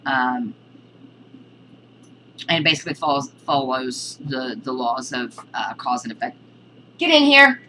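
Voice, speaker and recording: Low-voiced woman teaching with many ums. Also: measured pace, long pauses, a bit bright, a little hiss or hum, poor audio. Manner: hesitant, many ums and restarts; chatty, breaks off to scold her cat. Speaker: witchcraft teacher. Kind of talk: casual spoken lesson.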